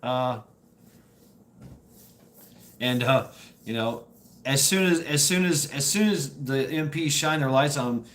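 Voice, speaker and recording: Taking things slowly and pausing often, a male streamer tells his chat loose, wandering stories, laughing and swearing as he talks. His voice is mid-range with a fairly bright quality.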